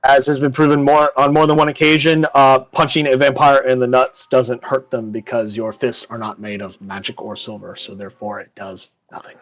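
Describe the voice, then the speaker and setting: Man, game master, animated narration, lots of fillers. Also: mid-range voice, moderate pace, few pauses, low-quality recording.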